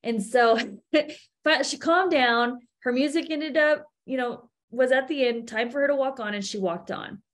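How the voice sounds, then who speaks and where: A woman in her thirties, a podcast guest, telling stories about her daughters in an animated way and acting out what people said. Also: sits high, measured pace. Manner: animated storytelling, acts out quotes. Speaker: podcast guest, event co-founder. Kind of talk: casual interview chat.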